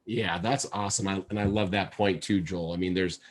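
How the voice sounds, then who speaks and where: Deep-voiced man, halting podcast host. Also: fairly even intonation. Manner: hesitant, filler-heavy. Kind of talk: casual interview chat.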